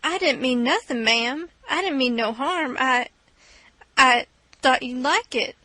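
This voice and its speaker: A cheeky young boy pretending to be humble and innocent, voiced by a woman reader. He pleads slyly in a high, bright voice, recorded close and dry. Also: unhurried, no echo, full character voice. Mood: mock-humble. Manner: mock-humble, sly pleading.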